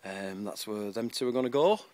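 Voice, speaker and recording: A man's voice: fairly low pitch, expressive, brisk, a little mellow. Chatty man on allotment tour. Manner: chatty, rambling, self-mocking. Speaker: allotment vlogger. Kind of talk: casual garden tour. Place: outdoor allotment.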